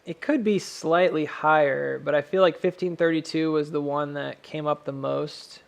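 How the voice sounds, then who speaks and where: An American man hosts a casual live stream from home, rambling and chuckling at himself. His voice sits a little high and has a gravelly rasp. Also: steady tone, moderate pace. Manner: laughs often, rambling and self-amused.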